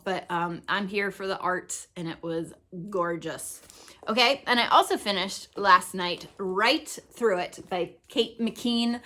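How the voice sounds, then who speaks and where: A young woman talks through her week's reading in a bubbly, chatty way. Her voice sits at a middle pitch and moves easily. She drifts into casual asides as she goes. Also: fairly bright tone. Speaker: book vlogger. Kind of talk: casual book review chat.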